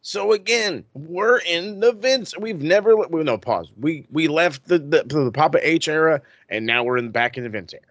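Profane, animated man talking wrestling. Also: fairly high pitch, normal speed, few pauses, dry recording. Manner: profane, animated, lots of restarts. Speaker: podcast co-host. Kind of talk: casual chat.

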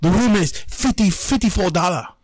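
A wary, grumbling motel clerk played by a man telling the story stumbles through halting, broken English and drops a little lower when he doubts a card. The voice is dry and close, with no room sound. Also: steady tone, no room sound, natural voice. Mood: suspicious grumbling. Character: grumpy foreign motel clerk, suspicious man.

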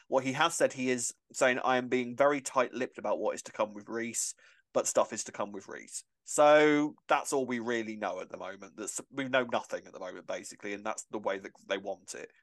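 A man, co-hosting a casual chat about a soap opera, chatty and quick to laugh. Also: medium pitch, no room sound. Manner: chatty, animated, laughs often and acts out quotes. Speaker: podcast co-host.

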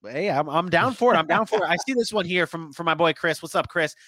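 A man's voice: on the high side, lively intonation, quick pace, pushed and bright, dry recording. A man co-hosting a casual sports podcast, chatty and thinking aloud with frequent restarts.

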